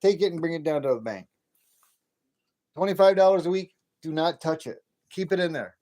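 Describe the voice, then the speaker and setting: A man's voice: fairly high pitch, animated, fast talker, darkish tone. Rambling man in his fifties ranting. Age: 50s. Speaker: livestream host. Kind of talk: late-night livestream rant.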